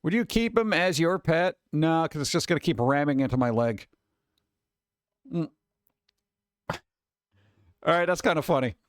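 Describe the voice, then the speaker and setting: A man's voice: fairly high pitch, unhurried, long pauses, dry recording, clean studio sound. Laid-back man chatting over a stream. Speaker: streamer host. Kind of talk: casual live-stream commentary.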